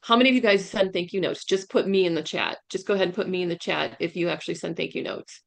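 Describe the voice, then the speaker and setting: A woman's voice: lowish voice, quick pace, vocal fry. Emphatic woman coaching on a video call. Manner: emphatic, keeps asking "right?". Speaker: career coach, guest speaker. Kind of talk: webinar presentation.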